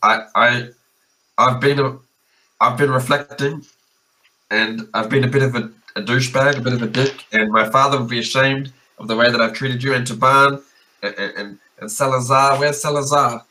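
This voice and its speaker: A man's voice: medium pitch, fairly even intonation, normal speed, bright, forceful tone, lightly acted, poor audio. A man playing a small male bard who stammers through earnest apologies.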